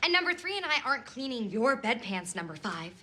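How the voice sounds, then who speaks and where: A woman's voice: fairly high pitch, very animated, a little fast, sharp tone, exaggerated voice. An actress playing a bossy, condescending young sorority queen in a TV series. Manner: imperious, condescending.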